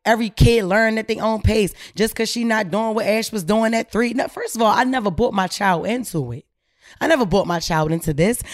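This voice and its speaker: An animated woman host tells a story in loose, slangy talk, slipping into the voices of the people she quotes. Her pitch sits in a middle range, and the sound is dry and close with no room echo. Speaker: podcast host. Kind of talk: casual storytelling chat.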